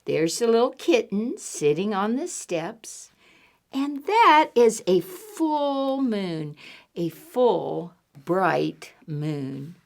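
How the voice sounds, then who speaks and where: A woman hosting a library storytime for young children, reading aloud in an animated, sing-song way, spelling out words and making animal sounds. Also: medium pitch, extremely slow, gravelly.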